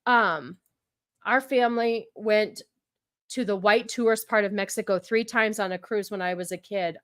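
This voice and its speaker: A woman streamer reacting to clips in casual commentary, sarcastic and ranting, mocking and quick to laugh. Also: medium pitch, fairly bright tone, no echo, clean studio sound.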